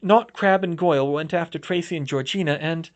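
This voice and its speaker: A man's voice: fairly high pitch, fairly quick, pitched above the performer's own voice, close to an everyday voice. A man voicing a cold, blunt young woman student who speaks matter-of-factly.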